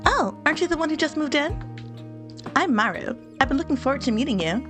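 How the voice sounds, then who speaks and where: A woman's voice: high-pitched, animated, music in the background, pitched above the performer's own voice. A woman voicing an eager, friendly young woman in a video game playthrough. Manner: quick and eager.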